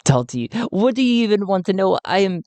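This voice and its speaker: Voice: mid-range voice, very animated, fairly quick, darkish tone, no room sound, pitched above the performer's own voice. The solo game narrator voicing a scheming male villain who gloats and chuckles over his captive.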